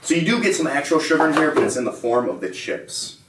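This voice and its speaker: A man's voice: fairly high pitch, fast talker, background noise. Man, casual taste-test chat, reads labels, roomy echo, a bit off-mic. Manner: relaxed, reads out nutrition labels. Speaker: co-host reviewing protein bars. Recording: roomy, mic at a distance, faint ambience.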